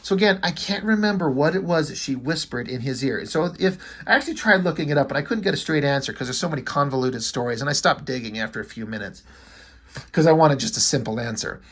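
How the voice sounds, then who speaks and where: A man's voice: fairly high pitch, lively intonation, quick pace, fairly bright tone, breathy edge. A man recapping and reviewing a comic book in casual talk, enthusiastic and blunt, swearing now and then.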